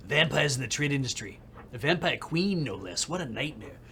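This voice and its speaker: A loud, brash middle-aged TV producer with a put-on New York accent and a short fuse, as a man does the voice. He talks bluntly, his pitch jumping around a lot as he reads the game's lines. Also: big pitch swings, moderate pace, gravelly, a little hiss or hum, heavily acted. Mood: gruff. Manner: blunt, hot-tempered, loud.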